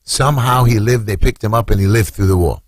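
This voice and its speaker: Husky-voiced New man telling a story. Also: fast talker, no echo, clean studio sound. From Brooklyn, New York. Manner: dramatic retelling, voice leaping high when acting out screams. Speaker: council candidate. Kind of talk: emotional storytelling on radio.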